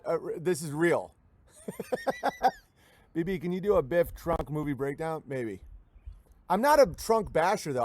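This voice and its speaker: A man with a somewhat higher voice rambles crudely through a live stream, joking and restarting sentences as he goes. The sound is dry and close, with no room echo. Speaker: livestream host.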